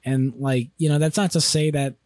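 A young man co-hosting a podcast in easygoing casual chat, often pausing on fillers as he thinks. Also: on the high side, fairly even intonation, a little mellow, dry recording, clean studio sound. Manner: easygoing, hesitant, many fillers. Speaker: podcast co-host.

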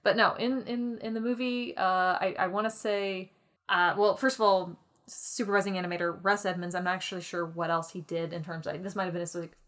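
A woman co-hosting a podcast, talking casually about a film, animated and laughing often. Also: on the low side, a little fast. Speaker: podcast co-host.

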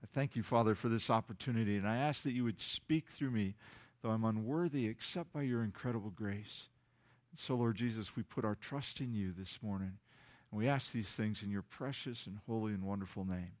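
A man's voice: lowish voice, brisk. Conversational man preaching a sermon. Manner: conversational, paraphrases with frequent restarts; soft, hushed voice when praying. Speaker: pastor. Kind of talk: sermon with scripture reading and prayer. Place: church sanctuary.

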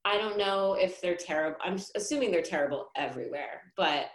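A woman's voice: lowish voice, a little fast, reverberant, low-quality recording. A woman guest in a casual podcast chat, talking chattily and laughing often.

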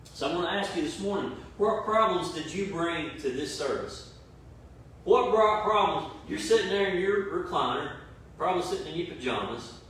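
A man's voice: high voice, animated, moderate pace, fairly bright tone. A man preaching a sermon to his church, with emphatic repetition and rhetorical questions. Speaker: pastor. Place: church service streamed online. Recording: very echoey room, mic at a distance, faint room noise.

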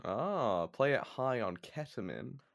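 A young man co-hosting a podcast, telling a story in a rambling, halting way with lots of ums and restarts. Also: medium pitch, big pitch swings, creaky. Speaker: podcast co-host.

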